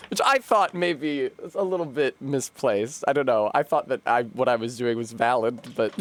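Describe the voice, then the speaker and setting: A man's voice: mid-range voice, normal speed, a bit bright. A young man from the United States chatting on a live stream, rambling and wry, swearing and laughing often. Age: young adult. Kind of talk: casual live-stream chat.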